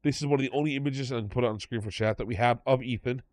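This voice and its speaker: A man's voice: mid-range voice, rapid-fire, darkish tone. A man hosting a casual podcast chat, rambling and correcting himself as he recounts details. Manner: rambling, self-correcting storyteller. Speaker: podcast host.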